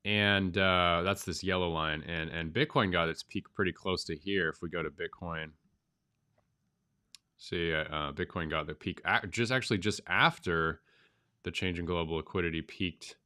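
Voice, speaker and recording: Deep nasal man with a cold. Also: steady tone, moderate pace, bright, forceful tone, clear, resonant tone. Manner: thinks aloud, chatty and informal with frequent ums. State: has a cold. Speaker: crypto astrology channel host. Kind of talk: casual chart walkthrough.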